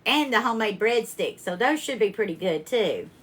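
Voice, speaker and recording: A woman's voice: mid-range voice, animated, normal speed, slightly rough. A woman hosts a live cooking stream from her home kitchen, chatting and greeting viewers by name. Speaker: cooking livestream host. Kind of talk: casual live cooking chat.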